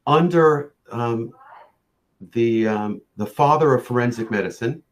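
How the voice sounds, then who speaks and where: A man presenting a lecture on facial pain, speaking in a measured storytelling way with occasional fillers and restarts. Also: mid-range voice. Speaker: orofacial pain practitioner presenting.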